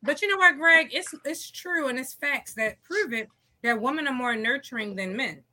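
A woman's voice: sits high, animated, normal speed, sharp tone. A woman co-hosting a casual podcast, chiming in with playful teasing remarks. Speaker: podcast co-host. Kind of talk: casual chat.

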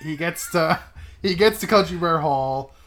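A man's voice: fairly high pitch, unhurried, fairly bright tone. A man co-hosting a podcast, recapping a movie in casual, profane chat and tagging lines with "right?". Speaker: podcast co-host. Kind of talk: casual film-review chat.

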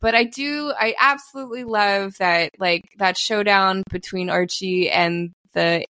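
A woman co-hosting a podcast in casual chat, animated, acting out quotes from a film. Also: medium pitch, measured pace, no room sound, clean studio sound. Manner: animated, acts out quotes, laughs often. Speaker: podcast co-host.

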